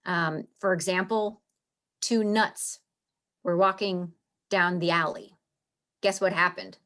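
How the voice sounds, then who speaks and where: A woman's voice: on the low side, steady tone, takes it slowly, a bit bright. A woman teaching a literature lesson in a casual, chatty way, often saying "you know" and restarting her sentences. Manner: chatty, many fillers and restarts.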